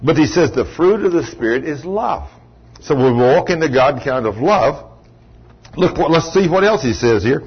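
Husky-voiced man preaching a lively sermon. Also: fairly high pitch, moderate pace. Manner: animated storytelling, acting out quoted voices. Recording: dull lo-fi recording.

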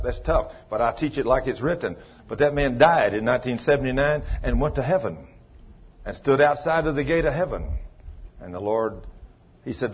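A man preaches in a folksy, plain-spoken way, rising to loud pleading and dropping to a low hush. His voice is husky, set at an ordinary pitch. The recording sounds dull and lo-fi. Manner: impassioned, swings between loud pleading and low quiet. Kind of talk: sermon.

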